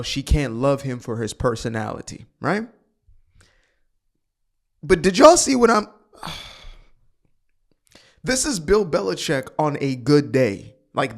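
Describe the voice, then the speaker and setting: A man hosting a casual reaction commentary, talking straight to his viewers with sighs and sudden bursts. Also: a little high. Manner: animated, sighing, talks to viewers directly. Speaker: commentary channel host.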